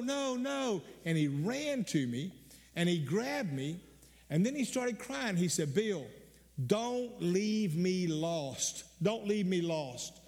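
An older man delivers a sermon from a church sanctuary, his voice sitting a little high for a man. He tells stories earnestly, repeats words as he gathers himself, and climbs into sudden emphatic bursts. The sound rings out with a long hall reverb. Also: darkish tone. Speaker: pastor.

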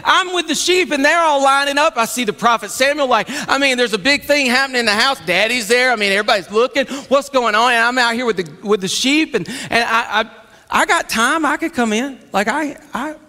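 A man preaching a sermon in an animated, conversational storytelling way. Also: extremely high pitch, fairly quick, hardly any pauses. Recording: long hall reverb.

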